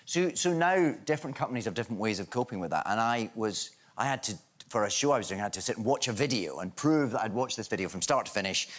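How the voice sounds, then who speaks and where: A man's voice: fairly low pitch, lively intonation, quick pace, a bit bright. A Scottish man telling a rambling, incredulous anecdote as a guest on a TV chat show.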